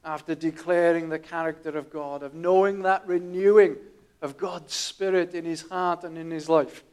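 A man preaching a sermon, telling stories in a quiet, earnest way with small restarts. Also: fairly high pitch, fairly even intonation, moderate pace, clear, resonant tone.

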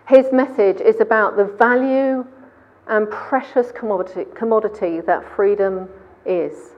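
Woman preacher, fairly high, conversational sermon, muffled lo-fi church recording. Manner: conversational, quizzing the congregation.

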